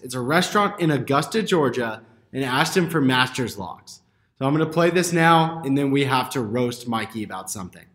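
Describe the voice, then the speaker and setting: A man's voice: on the high side, a bit bright, echoey room. A man hosting a podcast in casual banter, upbeat and teasing his co-hosts. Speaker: podcast host.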